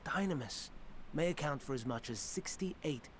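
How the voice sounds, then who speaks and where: An actor playing a scholarly male sage in a fantasy game, explaining in formal, archaic, measured speech. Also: a little high, lively intonation, slight background noise, lightly acted. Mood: calm lecturing. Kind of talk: game cutscene voice acting.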